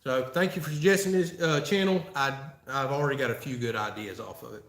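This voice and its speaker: A man's voice: mid-range voice, a little fast, a bit bright. A man from Florida, hosting a casual live-stream Q&A and chatting in a folksy way with frequent laughs. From Florida, USA. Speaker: channel host answering live chat. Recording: roomy echo.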